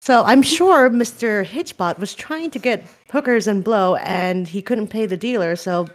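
A woman co-hosting a podcast in casual chat, bantering with quick jokes and frequent swearing. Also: mid-range voice. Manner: laughing, profane, quick banter. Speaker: podcast co-host.

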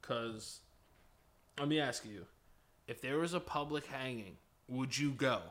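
A man's voice: mid-range voice, measured pace, fairly bright tone. A man in his thirties co-hosting a comedy podcast, riffing with crude, rambling, playful banter. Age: 30s. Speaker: podcast co-host.

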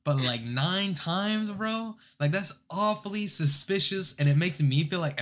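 A man's voice: high voice, animated, unhurried, few pauses, a bit bright. A young man chatting casually in a laid-back way, telling stories with slang asides. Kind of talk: casual chat.

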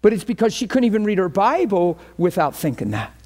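Male pastor, high-pitched, passionate sermon delivery, storytelling style. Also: big pitch swings, a little fast, darkish tone.

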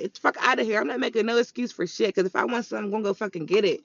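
A woman's voice: a little high, rapid-fire, gravelly, few pauses, no room sound. Woman for a profane scolding vlog rant, emphatic and repetitive, muffled lo-fi recording. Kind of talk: ranting monologue vlog. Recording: dull lo-fi recording.

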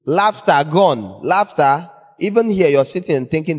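A man preaching a sermon in a playful, teasing way, with sudden jumps in pitch. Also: lively intonation, moderate pace. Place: church. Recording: long church reverb, dull lo-fi sound.

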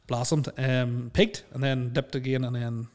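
A man's voice: mid-range voice, steady tone, measured pace, darkish tone. A man with a Northern Irish accent co-hosting a podcast, chatting casually, laughing a lot and swearing freely. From Northern Ireland. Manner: laughs often, swears freely, lots of fillers. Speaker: podcast co-host.

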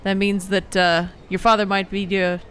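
A woman's voice: medium pitch, level tone, moderate pace, fairly bright tone, a little hiss or hum. A woman doing improvised comedy role-play, sarcastic and brash with trash talk. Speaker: comedy podcast cast member playing an announcer.

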